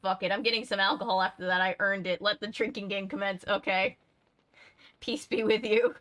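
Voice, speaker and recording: A woman reads a storybook aloud in a casual, easygoing way, slipping into chatty asides between passages. Her voice sounds bright and clear. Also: mid-range voice, steady tone, brisk. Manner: reads steadily, then drifts into chatty asides. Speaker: channel host reading a book aloud. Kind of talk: casual read-aloud livestream.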